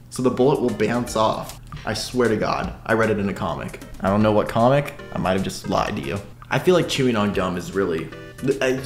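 A man's voice: fairly low pitch, roomy sound. Rambling, crude-joking male streamer. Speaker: streamer reading chat. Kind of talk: casual livestream chat.

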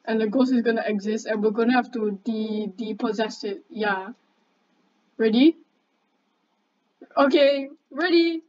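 A young woman, chatting excitably and bossily with a friend while commenting on a game, swearing casually. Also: fairly high pitch, a little slow, long pauses. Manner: excitable, chatty, bossy banter. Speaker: gamer. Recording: dull lo-fi mic, faint background noise.

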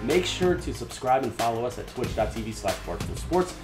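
A man's voice: mid-range voice, brisk, roomy sound, music in the background. A man hosting a gaming stream, playful and joking. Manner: energetic, joking. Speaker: streamer host.

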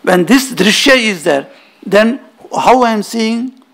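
A man's voice: sits high, lively intonation, takes it slowly, vocal fry, a bit bright. A man giving a spiritual lecture in an auditorium, telling stories emphatically and weaving in Sanskrit terms.

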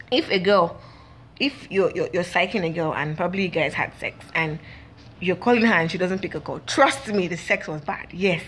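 A woman's voice: lowish voice, normal speed, a bit bright, slight background noise. A young woman, chatting and gossiping casually to her viewers with lots of fillers. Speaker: vlog host. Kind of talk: casual chat to camera.

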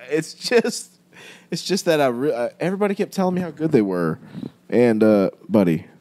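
A man's voice: mid-range voice, sing-song, normal speed, dark tone. A man co-hosting a comedy podcast, drawling through self-deprecating jokes and bursting into laughter. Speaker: podcast co-host. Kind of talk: casual comedic banter.

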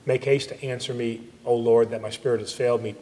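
A man serving as liturgical reader, reciting psalms in a steady, even manner at a church service. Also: mid-range voice, fairly quick. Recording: long church reverb on a livestream.

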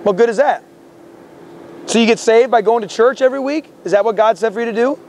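Very high-pitched fervent male street preacher. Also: fast, a little mellow, a little hiss or hum. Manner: fervent, quotes scripture, repeats words. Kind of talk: confrontational open-air preaching. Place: outdoors on a university campus.

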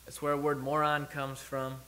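A man's voice: fairly high pitch, completely flat delivery, normal speed, bright, forceful tone. A man preaching a sermon in church, talking it through in a conversational way with restarts and self-corrections as he thinks aloud.

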